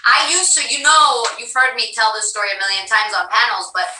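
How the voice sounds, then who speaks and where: A woman's voice: fairly high pitch, steady tone, a little fast, bright, forceful tone, echoey room, recorded from a distance, a little hiss or hum, poor audio. A woman voice actress in casual chat, talking emphatically with a theatrical flair.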